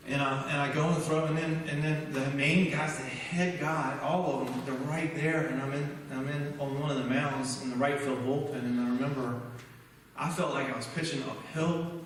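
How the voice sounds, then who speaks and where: A man giving a guest sermon in a church, telling a personal story and acting out the dialogue with animated energy. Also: mid-range voice, a little hiss or hum. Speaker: guest speaker. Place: church sanctuary. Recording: echoey church hall from far off.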